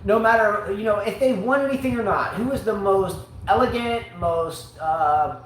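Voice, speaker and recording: A man co-hosting a live online sports talk show, ranting in an animated way with comic outbursts. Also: high voice, moderate pace. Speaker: show co-host. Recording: very echoey room, faint hiss.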